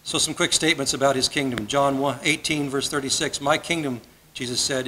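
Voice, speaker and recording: A male pastor delivers a sermon in an earnest, conversational way, repeating phrases as he builds a point. His voice is bright and forceful. Faint room ambience sits behind him in the church. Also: medium pitch, fairly even intonation, brisk, slight background noise, poor audio. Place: church sanctuary.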